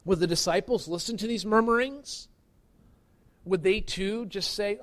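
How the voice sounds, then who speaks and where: High-voiced man preaching a sermon. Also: a little slow, a bit bright. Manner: earnest, emphatic preaching with rising stresses. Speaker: pastor.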